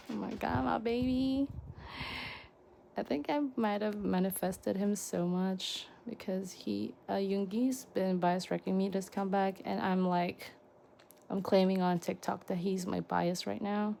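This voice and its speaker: A young woman vlogger unboxing fan merchandise in casual chat, gushing and excitable with frequent gasps and exclamations. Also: mid-range voice, measured pace, gravelly, slight background noise.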